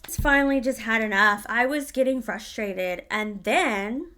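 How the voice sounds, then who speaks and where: A woman's voice: on the high side, moderate pace, fairly bright tone. A woman telling a storytime to her vlog audience in a casual, blunt way, swearing freely.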